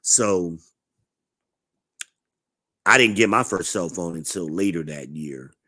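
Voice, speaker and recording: A man's voice: sits low, expressive, slow pace, sharp tone, no echo, studio quality. A man in his forties telling blunt, profane stories in a laid-back, casual vlog monologue. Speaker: vlogger.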